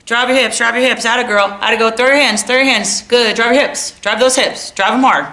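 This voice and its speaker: A woman puts on a private lesson coach who cheers the same few words over and over. The voice sits a little higher and louder, with a bright, gravelly edge. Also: a little fast, roomy sound. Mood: cheering.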